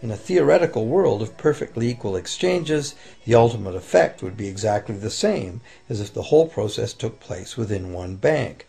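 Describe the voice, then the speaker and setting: Gravelly low-voiced male documentary narrator. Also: moderate pace, hardly any pauses. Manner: calm explanatory delivery. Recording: voice-over with faint music behind.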